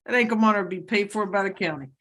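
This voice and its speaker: A woman judge running a courtroom hearing, reading charges and bond amounts in a brisk, joking manner. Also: medium pitch, a bit bright. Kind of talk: courtroom proceedings.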